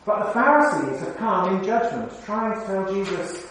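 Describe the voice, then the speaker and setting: A man with a fairly high voice preaches a conversational sermon, turning to the congregation with questions. His voice rings through a very echoey hall, picked up from well away from the microphone, with faint room sound behind. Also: very animated, moderate pace, fairly bright tone, slight background noise. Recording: very echoey hall, mic far off.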